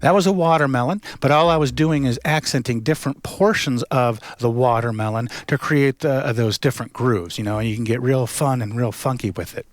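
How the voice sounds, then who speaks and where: A middle-aged man giving a casual drum lesson as a facilitator, relaxed and full of fillers, chanting rhythm words as he plays. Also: mid-range voice, a little fast, few pauses, faint music behind. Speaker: drum circle facilitator and instructor. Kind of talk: casual instructional talk with chanted drum counts. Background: hand drum playing.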